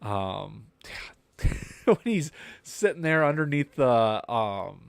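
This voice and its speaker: A young adult man co-hosts a casual podcast with a smooth, resonant voice. He rambles through his thoughts with easygoing enthusiasm, recorded dry and close. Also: medium pitch, very animated, slow pace, no room sound. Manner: rambling, enthusiastic movie talk. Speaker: podcast co-host.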